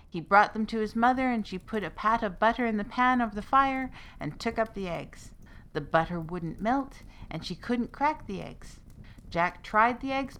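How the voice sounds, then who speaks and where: A woman narrates a folk tale in a steady, expressive way. She reads it as a scripted podcast story. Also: fairly high pitch.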